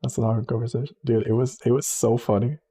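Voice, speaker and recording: Mellow, husky-voiced man chatting on stream. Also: mid-range voice, steady tone, fast. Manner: rambling storytelling with many fillers and restarts. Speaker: livestream host. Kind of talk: casual chat while drawing.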